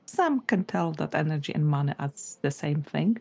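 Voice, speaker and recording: Low-voiced woman thinking aloud on a podcast. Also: lively intonation, moderate pace, gravelly, darkish tone. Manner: thinks aloud, restarts and apologizes, laughs at herself. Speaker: podcast co-host. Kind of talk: casual business podcast chat.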